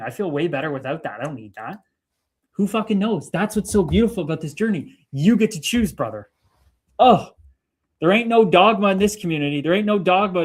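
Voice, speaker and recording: A man in his thirties hosting a casual livestream, swearing freely and mixing hype with preachy spiritual talk while reading out comments. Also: high-pitched. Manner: profane, hyped-up, preachy spiritual lingo. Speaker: livestream host. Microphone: streaming mic.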